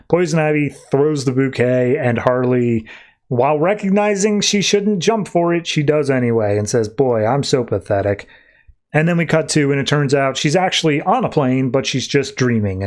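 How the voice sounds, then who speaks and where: A man's voice: a little high, darkish tone. A man hosting a podcast, recapping a comic issue in a loose, conversational way with frequent fillers. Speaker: podcast host. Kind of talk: casual comic book recap.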